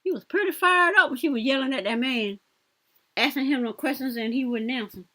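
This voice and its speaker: A woman's voice: high-pitched, fairly quick, sharp tone. Blunt, sassy woman reacting to clips. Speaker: commentary vlogger. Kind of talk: casual reaction commentary.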